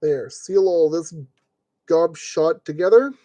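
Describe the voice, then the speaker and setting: A man with a mellow, darker tone that sits a little high talks slowly while live-streaming a model kit build, with no room sound in the recording. In loose stream style, he grumbles at fiddly parts and jokes to himself as he works.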